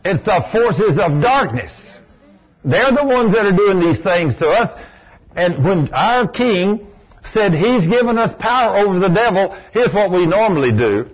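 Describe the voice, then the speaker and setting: A man's voice: high voice, very animated, measured pace, husky. A man preaching a sermon in a folksy, emphatic way, acting out the voices he quotes. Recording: dull lo-fi recording.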